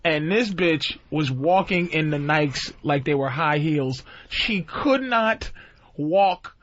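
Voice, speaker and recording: A man on a radio talk show telling crude comic stories in an animated way, acting out the voices of the people he quotes. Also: on the high side, takes it slowly, a little hiss or hum. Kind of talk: crude comedic storytelling. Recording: dull lo-fi radio recording.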